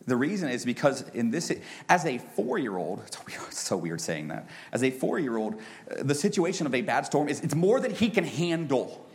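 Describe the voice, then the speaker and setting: A man in his thirties preaching a sermon who builds to loud, high peaks and then drops to a soft, hushed voice. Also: big pitch swings, moderate pace. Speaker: pastor.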